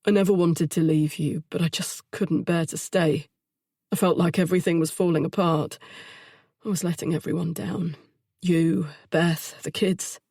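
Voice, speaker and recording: Brief: woman reads troubled young man, gravelly low voice, quiet confessional delivery. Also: steady tone, no echo, clean studio sound. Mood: remorseful. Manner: soft, halting, confessional. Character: troubled young adult man, weary and remorseful.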